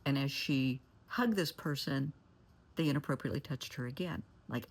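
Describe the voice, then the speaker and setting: Husky, gravelly-voiced woman therapist. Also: low-pitched, normal speed. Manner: candid, blunt, shifts to forceful warnings. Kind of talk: storytelling advice talk.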